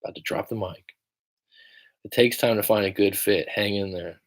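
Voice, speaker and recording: Blunt, cursing male coach, lowish voice. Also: moderate pace. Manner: blunt, profane, emphatic; reads viewer comments aloud. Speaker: relationship coach. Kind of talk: livestream Q&A.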